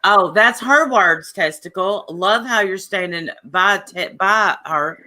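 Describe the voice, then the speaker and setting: Woman, bright voice, insistent, defensive, live stream chat. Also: mid-range voice, takes it slowly.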